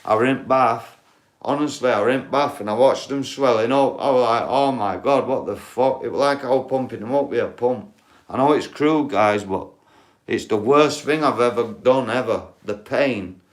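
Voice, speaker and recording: A man's voice: mid-range voice, normal speed. A man, rambling and swearing as he chats casually with viewers on a livestream.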